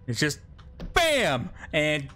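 A man's voice: on the high side, huge pitch swings, drawn-out words, pushed and bright. A young man commentating a game, joking at an on-screen baby and yelping now and then. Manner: joking, talks to the baby, bursts into laughs and yelps. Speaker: gameplay commentator. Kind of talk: let's play commentary.

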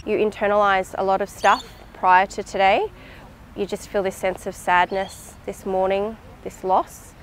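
A woman speaks in a measured, reflective way, her pitch staying very even. Faint city noise sits behind her outdoors. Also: poor audio. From Australia. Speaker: interviewee. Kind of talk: documentary interview.

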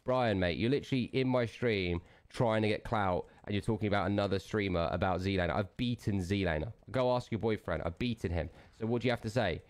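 A man's voice: lowish voice, brisk, hardly any pauses. A man streaming a game, launching into an aggressive, profane rant that keeps jabbing with "yeah?". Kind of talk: angry livestream rant.

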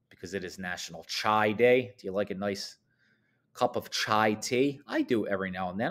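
A man giving morning announcements at a high school in an upbeat, chatty way, swooping up high for emphasis. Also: expressive, normal speed, a bit bright.

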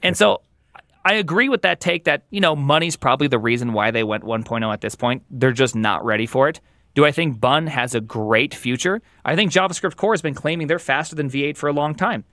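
A man talking as a podcast guest in casual tech chat, animated and opinionated, with emphatic delivery. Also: a little high, a little fast, dry recording, studio quality.

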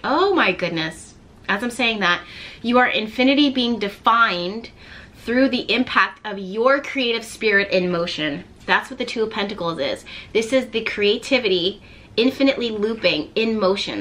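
A woman giving a tarot reading to her viewers, gently encouraging them and reading card texts aloud. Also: medium pitch. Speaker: tarot reader.

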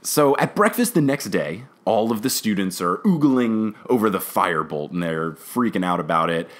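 A man's voice: on the low side, lively intonation, moderate pace. A young man from New Jersey hosting a podcast in casual chat, laughing often and acting out quotes. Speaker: podcast host.

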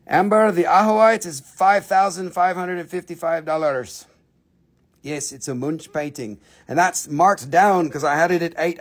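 A man with a fairly high voice hosts a live online sale of rocks and minerals. He banters loosely and swears often. He keeps drifting in and out of mock accents for laughs. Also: normal speed, husky. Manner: joking, profane banter with playful put-on accents. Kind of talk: casual live sales stream.

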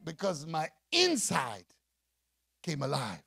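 A man preaching a rousing call-and-response sermon as pastor, rising to shouts. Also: a little high, huge pitch swings, slow, gravelly, husky.

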